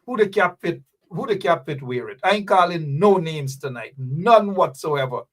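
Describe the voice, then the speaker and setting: A man's voice: a little high, lively intonation, moderate pace, recorded from a distance. A man with a Guyanese accent hosting a political commentary show, ranting and scolding with rhetorical questions. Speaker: host.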